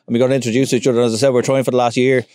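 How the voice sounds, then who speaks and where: Fast-talking podcast host. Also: male voice, medium pitch, level tone, darkish tone, no room sound, clean studio sound. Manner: quick, friendly questions with restarts. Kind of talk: casual interview chat. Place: outdoors on a boat on a lake.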